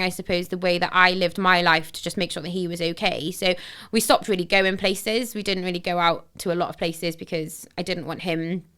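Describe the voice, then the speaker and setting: Bright-voiced woman telling her story. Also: on the low side. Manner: candid and reflective, with frequent fillers like "sort of" and "you know". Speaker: podcast guest, charity founder. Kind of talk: personal storytelling in a conversation.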